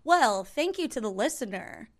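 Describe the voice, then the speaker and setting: A woman's voice: fairly high pitch, normal speed. A young adult woman co-hosting a podcast, telling stories casually and acting out what people said. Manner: chatty storyteller, animated quoting. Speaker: podcast co-host. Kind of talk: casual chat.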